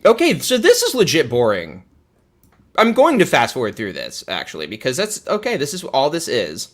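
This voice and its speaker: A man giving sarcastic, profane commentary while streaming. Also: moderate pace. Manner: swears freely, lively pitch swings.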